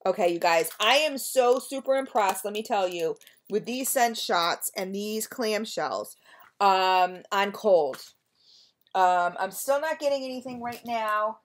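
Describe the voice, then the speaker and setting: A woman talks through a casual product review vlog at an easy, middling pitch. She sounds chatty and effusive, speaks right to her viewers, and fills her pauses with ums as she sniffs and judges each scent. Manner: chatty and gushing, addresses viewers as you guys, frequent ums. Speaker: wax melt reviewer.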